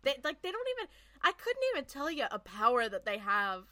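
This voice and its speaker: A woman's voice: fairly high pitch, big pitch swings, a little fast, sharp tone. A woman co-hosting a podcast, chatting casually with wry asides. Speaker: podcast co-host. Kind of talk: casual recap chat.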